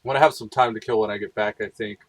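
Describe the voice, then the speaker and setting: A man's voice: on the low side, fairly even intonation, rapid-fire, a little hiss or hum, rough recording. A man streaming a video game, rambling casually and thinking aloud as he plays. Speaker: gaming streamer. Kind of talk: casual gameplay commentary.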